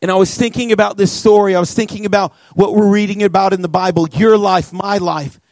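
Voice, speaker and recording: A young man, a youth pastor, preaching to students and telling a personal story in an earnest, animated way with many casual fillers. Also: high voice, brisk, no room sound. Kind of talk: sermon to students. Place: church youth room.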